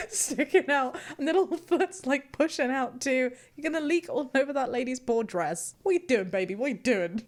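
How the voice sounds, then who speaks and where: A woman hosting a casual reaction vlog, reading posts aloud and laughing often between remarks. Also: high voice. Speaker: YouTuber host.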